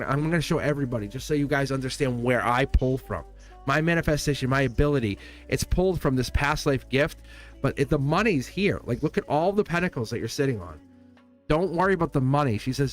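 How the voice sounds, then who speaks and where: Male tarot reader, mid pitch, earnest and comforting, loose and rambling, faint music bed. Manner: earnest, reassuring, rambling with restarts. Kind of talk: live tarot reading.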